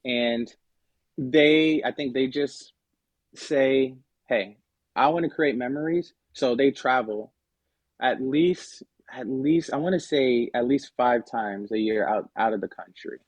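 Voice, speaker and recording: A man of average pitch talks casually on a podcast, loose and conversational, with plenty of fillers and self-corrections. The recording is dry with no room sound, and the top end is slightly dulled. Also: takes it slowly, dry recording, lo-fi sound. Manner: conversational, many fillers and restarts. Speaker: podcast guest. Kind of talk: casual explanatory podcast talk.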